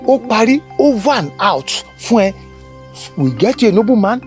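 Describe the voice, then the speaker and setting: A man's voice: high voice, big pitch swings, moderate pace, soft background music. An actor with a Yoruba Nigerian accent playing a stern, dismissive father who scolds his daughter. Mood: scolding. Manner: scolding, mixes in Yoruba phrases. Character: stern, dismissive father, a powerful village elder. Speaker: father, village chief.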